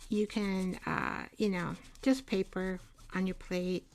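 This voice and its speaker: A woman paints on her live art show while rambling casually with viewers, frequently laughing as she goes. Her medium-pitched voice is slow, with a flat delivery, fitting the easygoing craft demo chat.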